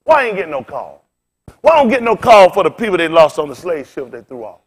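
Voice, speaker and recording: His voice is high, husky and sing-song, and he moves fairly quickly through an impassioned sermon. The preacher, in his fifties, sounds tired and frustrated, repeating phrases and asking rhetorical questions with abrupt jumps and drops in force.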